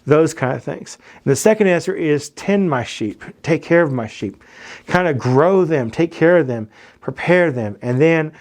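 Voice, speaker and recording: A youth pastor with a Southern American accent talks through a Bible passage like a chat with teenagers. He speaks at a middle pitch, loose and informal, and stumbles and restarts as he thinks aloud. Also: darkish tone. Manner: conversational, many restarts and repeated words. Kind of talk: casual Bible teaching.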